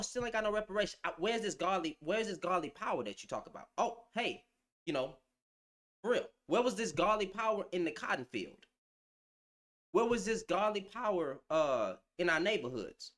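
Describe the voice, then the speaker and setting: Animated ranting man, lively pitch. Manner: animated, blunt, heavy on slang. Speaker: vlogger. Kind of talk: ranting commentary.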